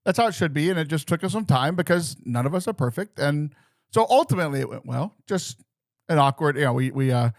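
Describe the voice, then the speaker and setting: A man co-hosting a podcast, chatting casually and teasing with quick banter. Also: fairly high pitch, lively intonation, no echo, studio quality. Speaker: podcast co-host. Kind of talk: casual chat.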